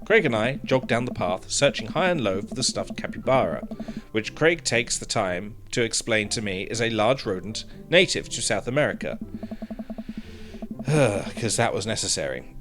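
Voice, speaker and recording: Sex: male. Role: game streamer. Style: let's play, reading game text aloud. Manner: joking, wry, animated pitch. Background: faint music. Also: moderate pace.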